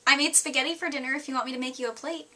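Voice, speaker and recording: A woman voicing an elderly grandmother who speaks in a gentle, doting tone and says blunt, crude things. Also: high-pitched, steady tone, rapid-fire. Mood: sweetly blunt.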